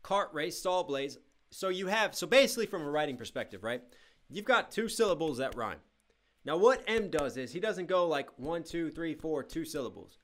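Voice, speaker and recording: A young man hosting a live music reaction stream, reading chat aloud, breaking into shouts and explaining rhyme schemes. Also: fairly high pitch, big pitch swings, normal speed.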